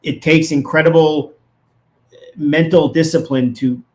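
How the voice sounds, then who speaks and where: A man's voice: a little high, fairly even intonation, measured pace, a little mellow. A man, a lawyer, giving legal analysis as a guest in a casual interview, arguing his points emphatically and with indignation.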